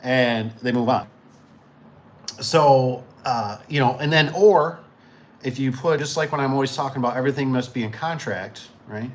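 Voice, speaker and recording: A man's voice: medium pitch, normal speed. A middle-aged man who owns a garage door business, talking casually and rambling as he acts out customers. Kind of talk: casual shop talk.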